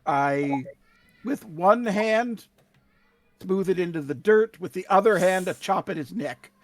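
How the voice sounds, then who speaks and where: A man's voice: sits high, lively intonation, a little slow, no room sound. A man playing a tabletop game, talking casually and hesitantly with many ums. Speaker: player.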